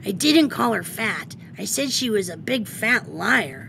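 Woman voicing a boy bunny big brother, tattletale, raised accusing tone, lively. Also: medium pitch, measured pace, gravelly, background noise.

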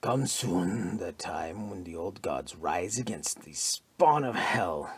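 A man's voice: sing-song, unhurried, breathy edge, dry recording, exaggerated voice. A man voicing a brooding fanatic Norseman. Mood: brooding, fanatical. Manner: low, muttering, hushed half-whispers. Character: giant fanatical Norwegian man, brooding prophet. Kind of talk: audiobook character voice.

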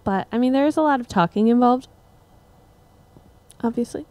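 A young woman musician casually chatting with her livestream viewers between songs, relaxed and rambling. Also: a little high, normal speed. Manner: relaxed, rambling, laughs at herself.

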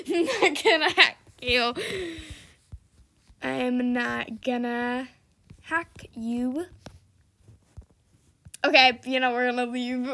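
Young woman, high voice, unhurried gameplay chatter, giggly, squeals then mutters. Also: steady tone. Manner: giggly, chatty, drifts between loud squeals and quiet mutters. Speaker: gaming video creator. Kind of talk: casual gameplay commentary.

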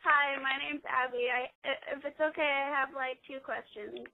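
Nervous, high-voiced young woman caller. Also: steady tone, normal speed, gravelly. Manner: nervous, giggly. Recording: tinny phone line.

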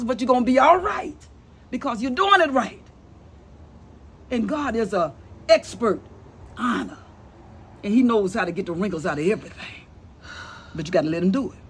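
A man's voice: extremely high pitch, a bit bright, breathy edge, exaggerated voice. A man playing a preachy old church mama. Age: older. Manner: folksy, scolding, sermonizing. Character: preachy older Southern church mother-in-law. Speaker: comedy sketch actor.

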